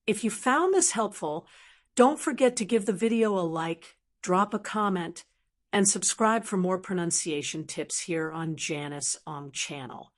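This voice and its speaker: A woman hosting a channel, reading a scripted pronunciation tutorial in a careful, deliberate way. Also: on the low side, expressive. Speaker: channel host teaching pronunciation.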